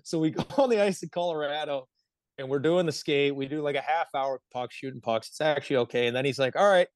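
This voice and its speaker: Hockey guy in his 30s telling stories on a podcast, bit high voice, laughs a lot, swears, dry close sound. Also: fast talker, dry recording. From Pittsburgh area, United States. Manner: animated, laughs often, swears freely. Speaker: guest, pro hockey player. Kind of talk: casual podcast storytelling.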